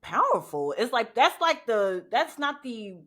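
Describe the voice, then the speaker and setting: A woman's voice: fairly high pitch, sing-song, unhurried, a bit bright. A woman hosting a podcast, talking candidly and swearing freely in casual conversation. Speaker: podcast host.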